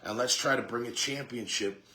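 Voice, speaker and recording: Man, sports talk host, casual monologue, bright tone, animated and rambling. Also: mid-range voice, moderate pace. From Jacksonville area. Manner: animated, rambling with many fillers and restarts.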